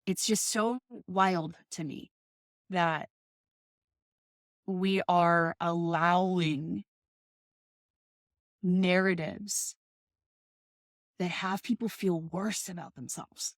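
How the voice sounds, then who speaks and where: A woman's voice: mid-range voice, takes it slowly, pauses often, a bit bright, no room sound, studio quality. A woman in her thirties talking in a casual, passionate monologue, swearing often and ranting with emphasis. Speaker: podcast host.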